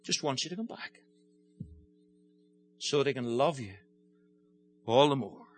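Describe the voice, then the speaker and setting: An older man preaching a sermon, impassioned, moving from gentle storytelling to forceful pleading. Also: medium pitch, animated, unhurried.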